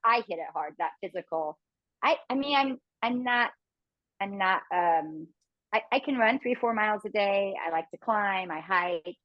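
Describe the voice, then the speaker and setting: A woman's voice: mid-range voice, normal speed, no echo, dull audio. A woman in her fifties from Phoenix, a reality show contestant telling stories in a casual interview, laughing often and acting out quotes. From Phoenix, USA. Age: 50s. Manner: laughs often, animated storytelling with acted quotes.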